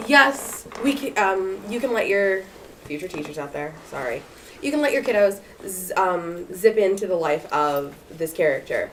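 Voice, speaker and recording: A woman with a somewhat low voice speaks casually on a panel to future teachers. She is lively and chatty, full of fillers. The mic sits far off in the room, with a faint hiss behind. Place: lecture room at a library event.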